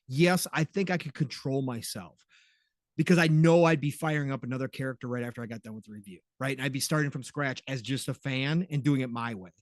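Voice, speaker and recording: A man's voice: on the high side, no echo, studio quality. A man co-hosting a gaming podcast in casual chat, teasing and laughing often. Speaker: podcast co-host.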